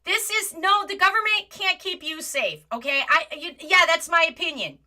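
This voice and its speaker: A woman hosting a live commentary stream from a home setup, animated and exasperated, often apologizing and at times close to yelling. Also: very high voice, moderate pace. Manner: rises to near yelling at times. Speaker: livestream host. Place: home setup with green screen.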